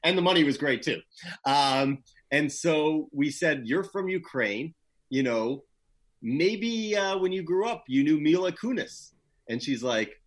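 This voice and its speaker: A man with a husky, slightly breathy voice, chatting as a guest in a relaxed interview. He talks loosely with plenty of fillers and grows more animated as his stories build. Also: fairly high pitch, measured pace. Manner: laid-back, animated when telling stories, many "you know" fillers. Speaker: guest, PR professional. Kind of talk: casual interview storytelling.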